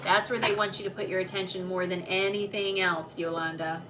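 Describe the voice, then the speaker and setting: A woman's voice: medium pitch, level tone, brisk, loud music behind the voice. A woman hosting a live oracle card reading stream, chatty and reassuring, talking to viewers by name. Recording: distant mic with background noise.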